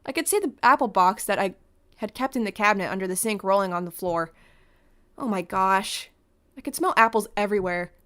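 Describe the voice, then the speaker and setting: A woman's voice: mid-range voice, fairly quick. A woman streaming a let's play, reading a story game's text aloud in the first person and reacting with her own comments. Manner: animated, exclaims and laughs at the story.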